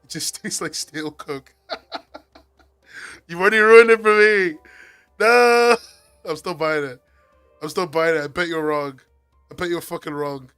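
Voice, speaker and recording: An excitable English man livestreaming from home, bantering with his chat and cursing freely. His voice sits a bit on the high side for a man. Soft music plays faintly under his talk. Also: measured pace, pauses often, clear, resonant tone. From England. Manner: excitable, swears a lot, laughs often. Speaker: streamer. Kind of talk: casual live-stream chat with viewers.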